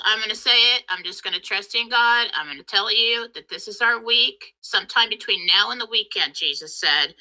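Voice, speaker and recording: A woman hosting her spiritual channel, telling a story in a casual monologue, excitable and emotional, rushing along. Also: mid-range voice, low-quality recording.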